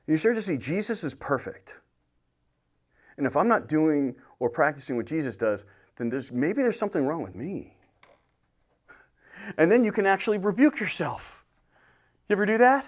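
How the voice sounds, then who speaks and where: A man preaching a sermon as pastor, swinging from loud bursts to hushed whispers. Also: sits high, expressive, a little fast, pauses often. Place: church sanctuary.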